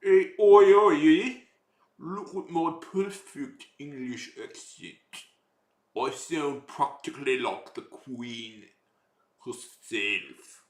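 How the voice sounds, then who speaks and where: A man's voice: fairly high pitch, very slow, roomy sound, pitched above the performer's own voice. A man doing a hammy mock-English bloke. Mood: boastful.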